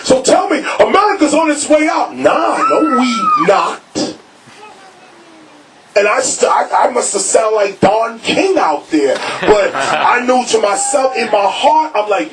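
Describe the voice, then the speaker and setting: A man's voice: very high voice, huge pitch swings, a little slow, over music. A man, a rapper speaking to a live crowd in a record store, emphatic and preachy, raising his voice to hammer points home. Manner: preachy, emphatic, shouting for stress. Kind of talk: animated public talk to a crowd. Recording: noisy, distant crowd recording.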